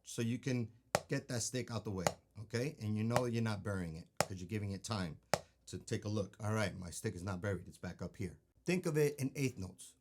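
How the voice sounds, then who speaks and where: A man's voice: on the low side, a little fast, very noisy. A man teaching drum technique, patiently explaining and counting beats aloud, often checking in with "okay?". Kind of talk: instructional demonstration. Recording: loud drumming and stick clicks behind voice.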